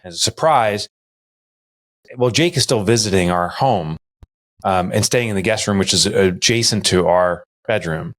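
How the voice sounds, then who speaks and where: A man co-hosting a podcast, telling stories in casual chat and mimicking others in a high voice. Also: normal speed. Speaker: podcast co-host.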